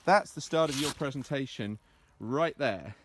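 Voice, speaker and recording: A man's voice: mid-range voice, animated, measured pace, a little hiss or hum. A man talking casually to camera as he walks outdoors in the countryside, coaching on presentations with a chatty, self-deprecating manner. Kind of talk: casual walking vlog.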